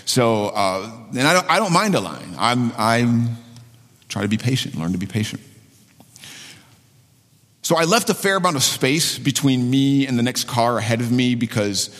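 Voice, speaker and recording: A man's voice: mid-range voice, lively intonation, normal speed, a bit bright. A pastor in his forties giving a conversational sermon, telling a personal story candidly and repeating phrases for emphasis. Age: 40s. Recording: long reverb of a large hall.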